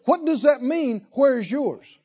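A man's voice: extremely high pitch, animated, takes it slowly, warm tone, breathy edge, lo-fi sound. A man preaching a sermon, asking rhetorical questions and repeating lines for emphasis. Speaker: pastor.

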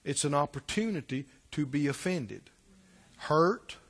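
A man's voice: fairly high pitch, animated, measured pace, a bit bright, breathy edge, in a large hall. A man preaching a sermon as a pastor, emphatic and repetitive, firing rhetorical questions at his listeners.

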